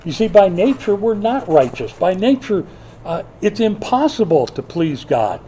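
An older male preacher with a warm, mellow, slightly high voice delivers a sermon in a church. He talks in lively swings, rising to loud emphatic bursts and dropping to near-hushed asides. A faint hiss sits under the recording. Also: a little slow. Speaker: pastor.

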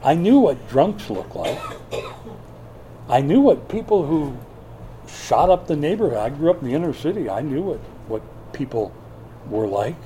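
Older preacher man with a mellow voice. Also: on the high side, moderate pace, slight background noise. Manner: lively preaching with sudden loud bursts and hushed asides. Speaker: pastor. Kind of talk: sermon.

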